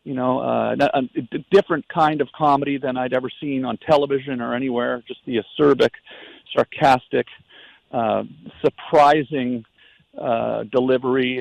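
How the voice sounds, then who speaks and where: A Canadian man with a gravelly voice speaks over a muffled phone line. He sounds earnest and halting and often restarts his phrases. The sound is dry, with no room echo. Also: medium pitch. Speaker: guest calling in. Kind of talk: phone-in tribute.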